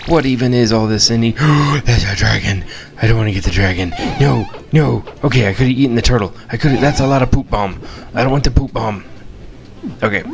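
A man commentating his mobile game playthrough, playful and excitable, chanting silly eating noises and squealing high at surprises. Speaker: gamer. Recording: game music behind.

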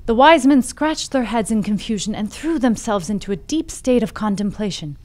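A woman's voice: on the high side, lively intonation, normal speed, darkish tone. A woman presenting a scripted storytelling segment on a podcast, laughing at herself and playful in between. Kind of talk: reading a scripted segment and chatting.

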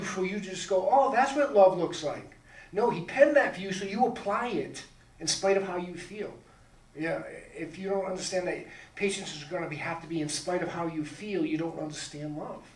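Male pastor, sermon delivery, emphatic with rhetorical questions; slightly high voice, picked up from a distance in a reverberant hall. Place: church sanctuary.

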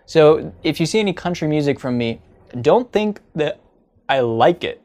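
A man's voice: fairly high pitch, animated, normal speed, a little mellow. Sarcastic man ranting casually. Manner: chatty, sarcastic, breaks into mocking sung parodies. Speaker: comedy vlogger. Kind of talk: casual comedic monologue.

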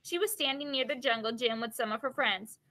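A woman reading a children's chapter book aloud, pausing to explain the story in plain, casual words. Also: fairly high pitch, pushed and bright, poor audio.

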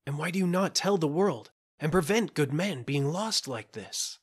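A man's voice: fairly low pitch, animated, normal speed, bright, forceful tone, husky, heavily acted. A man voicing a brave, loyal young male squire in a storybook reading, speaking in urgent, impassioned bursts. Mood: alarmed.

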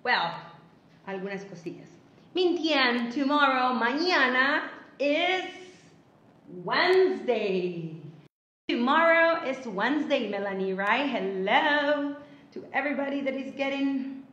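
A woman leads a live online English class for young children, speaking slowly and patiently in a high voice so the kids can repeat after her. Her audio is roomy and a little dull, the kind of lo-fi sound a livestream gives. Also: lively intonation, a bit bright. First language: Spanish. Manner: switches between English and Spanish, drills words for repetition; sleepy but encouraging. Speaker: English teacher.

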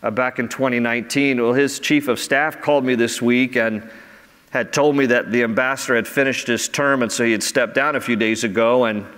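A man's voice: mid-range voice, steady tone, brisk, fairly bright tone, big-room sound. A man, preaching earnestly as a pastor and rising in emphasis on key phrases. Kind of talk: sermon. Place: church sanctuary.

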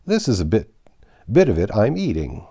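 A man's voice: lowish voice, wildly swooping pitch, warm tone, breathy edge, dry recording, studio quality, pitched above the performer's own voice, heavily acted. A man reading aloud, voicing a flustered hatter who talks in a choking voice. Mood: choked. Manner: choked, hurried. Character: nervous choking male hatter.

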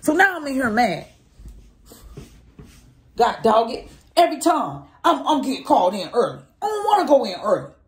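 A woman venting to her handheld phone camera, telling a story in an animated, exasperated way. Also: a little high, normal speed, pauses often, echoey room. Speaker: vlogger.

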